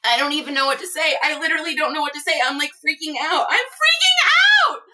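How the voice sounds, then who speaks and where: A woman hosting a casual reselling livestream, gushing excitedly with gasps and laughs. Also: sits high, racing. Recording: distant from the mic.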